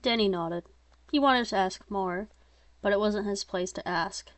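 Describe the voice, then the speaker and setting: Her own story is what this woman reads aloud, in a plain, steady, mid-range voice that never hurries. Occasionally she breaks into chatty, self-deprecating asides, and the audio has no echo.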